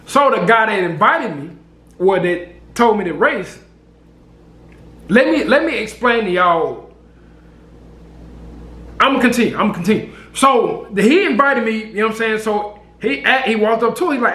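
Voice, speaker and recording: A man telling a story to camera in a casual, slangy, animated way, repeating himself. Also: high-pitched, moderate pace, roomy sound. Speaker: vlogger. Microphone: camera mic.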